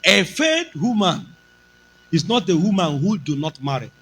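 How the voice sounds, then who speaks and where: Nigerian-accented male pastor, emphatic sermon delivery, high lively voice. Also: unhurried, a little hiss or hum, low-quality recording. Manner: emphatic preaching, slipping into Pidgin.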